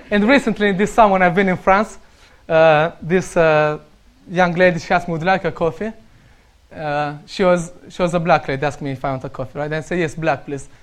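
Romanian-accented man, high voice, laughing often. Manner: laughs often while telling anecdotes. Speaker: speaker sharing stories. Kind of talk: casual storytelling.

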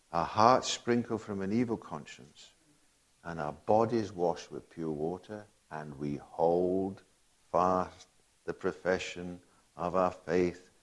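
Guy preaching, really deep voice, keeps firing questions at the congregation, reads bible bits out loud. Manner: emphatic, asks the congregation rhetorical questions; reads and quotes scripture aloud. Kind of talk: sermon.

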